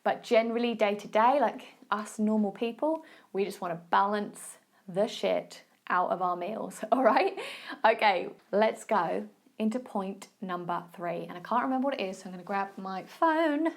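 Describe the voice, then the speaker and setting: A woman's voice: mid-range voice, normal speed, creaky. A woman with an Essex accent hosting a solo podcast, giving nutrition advice in a chatty, encouraging way and often checking in with the listener. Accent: Essex English. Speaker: podcast host and nutrition coach. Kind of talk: casual solo podcast talk.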